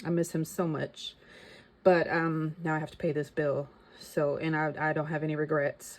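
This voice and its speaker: Lower-voiced middle-aged woman chatting. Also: flat delivery, normal speed, darkish tone. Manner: chatty, thinks aloud, reads out figures. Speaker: vlogger. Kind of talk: casual chat.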